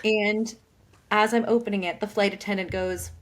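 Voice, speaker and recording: A woman's voice: medium pitch, sing-song, slow pace, pauses often, a bit bright, a little hiss or hum. A young woman co-hosting a podcast, telling a story animatedly, laughing often and quoting the people in it. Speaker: podcast co-host. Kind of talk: casual storytelling.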